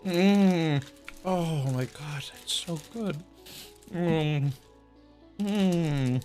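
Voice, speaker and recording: A man's voice: on the high side, very slow, soft background music. A man streaming live, chatting casually with his chat while eating, laughing and murmuring with his mouth full. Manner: animated, laughing, savoring food aloud with mouth-full murmurs.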